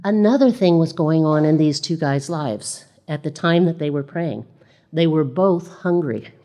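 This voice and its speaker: A woman's voice: low-pitched, animated, unhurried, dark tone. A woman preaching a sermon in a conversational way, reading scripture aloud and repeating phrases.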